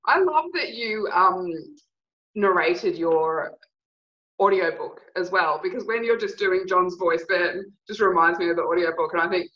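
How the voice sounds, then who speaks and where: A woman's voice: fairly low pitch, measured pace, fairly bright tone. Enthusiastic woman interviewer, dull sound. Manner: enthusiastic, gushing praise. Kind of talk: casual interview chat.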